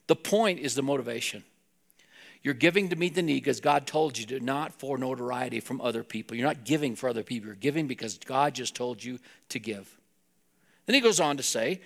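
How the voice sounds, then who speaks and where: A man preaches a sermon in a direct, conversational way. His voice sits a little high and carries a gravelly edge. He talks to the congregation like he's explaining something to friends. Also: a bit bright. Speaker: pastor.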